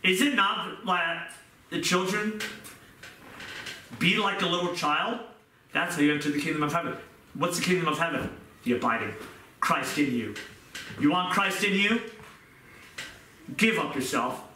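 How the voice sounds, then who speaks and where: A middle-aged man preaches with earnest, repeated emphasis, his voice bright and forceful. He is picked up from a distance, so the room rings around him. A faint hiss sits underneath. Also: a little high, moderate pace, pauses often. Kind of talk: sermon. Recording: echoey room, mic far off.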